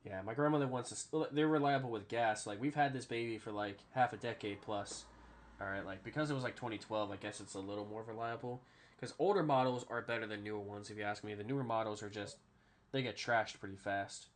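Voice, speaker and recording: A man's voice: fairly low pitch, a little fast, slight background noise. A man hosting a casual sports podcast, rambling through stories, often adding "all right?" and swearing freely. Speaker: podcast host.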